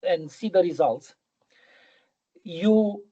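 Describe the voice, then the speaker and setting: A man's voice: sits high, animated, slow pace, mellow, dull audio. A middle-aged man giving a physics lecture in a webinar, hesitant, with many ums and repeated words.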